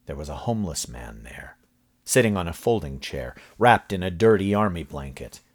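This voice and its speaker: A man reads a horror story aloud from a script, with dramatic storytelling. His voice is very deep and husky. His pitch rises and falls a great deal to build tension. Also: big pitch swings, moderate pace. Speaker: audiobook narrator.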